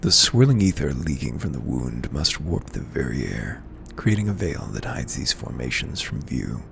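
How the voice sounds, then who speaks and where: Man reading formal young scholar, archaic wording, gravelly, hiccuping. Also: rumbling low, big pitch swings, moderate pace, background noise, voice pushed down, full character voice. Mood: solemn. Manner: archaic, stately delivery.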